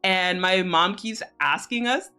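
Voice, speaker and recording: A woman's voice: fairly low pitch, a little slow, sharp tone, clear, resonant tone. A young adult woman chatting casually on a live stream, laughing often and swearing freely. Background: faint music.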